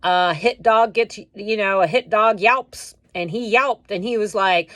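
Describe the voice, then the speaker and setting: In a casual vlog, a woman with a mid-range voice vents indignantly, animatedly retelling what happened while taking her time over each phrase with few pauses. Her voice is close and dry, with no echo or room sound around it.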